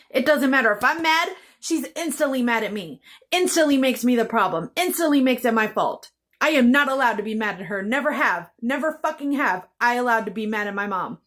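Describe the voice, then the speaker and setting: Woman vlogger, fairly high voice, raw and heated personal storytelling with heavy swearing. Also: a bit bright. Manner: intense, bitter, heavy swearing; repeats phrases for emphasis.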